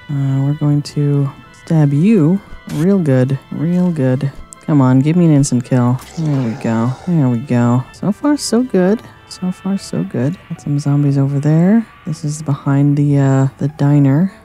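A man's voice: a little high, warm tone. A man commenting on his own gameplay with frequent swearing, talking back at the enemies on screen. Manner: profane, talks to the zombies on screen. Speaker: gaming video creator. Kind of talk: let's play commentary.

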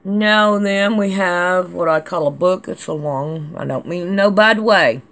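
Slow-talking chatty woman. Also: on the low side, a bit bright. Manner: slow, chatty, scolding, drawls. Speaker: channel host reading comments. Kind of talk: casual comment-reading vlog.

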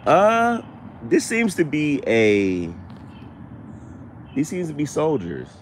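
A man hosting a casual live stream while walking through a cemetery, chatting with viewers and giving them shout-outs, recorded outdoors on a handheld phone. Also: on the high side, huge pitch swings, slow, noisy background. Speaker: paranormal show host, live streamer. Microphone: handheld phone camera.

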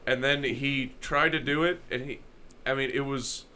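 A man's voice: medium pitch, normal speed. A man hosting a podcast, telling profane stories in casual chat and quoting people in put-on voices. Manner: profane, animated storytelling with quoted voices.

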